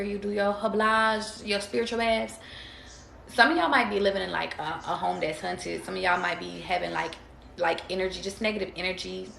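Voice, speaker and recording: A chatty woman doing a relaxed tarot reading, talking straight to her viewers in loose slang and swearing freely. Her voice has a gravelly fry, and the room echoes noticeably. A faint noise floor sits underneath. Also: medium pitch. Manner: chatty, slangy and profane, addressing viewers directly. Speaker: tarot reader. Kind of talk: casual livestream reading. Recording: roomy echo.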